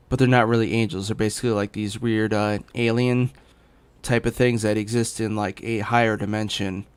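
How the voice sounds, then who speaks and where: A man's voice: lowish voice, clear, resonant tone. A young man chatting casually as a gaming streamer, rambling with many fillers and restarts while hiccuping. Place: home in Los Angeles.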